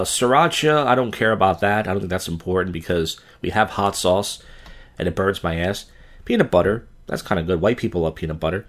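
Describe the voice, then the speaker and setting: A man hosting a casual podcast monologue, rambling in a crude, offhand way. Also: on the low side. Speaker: podcast host and open-mic comic.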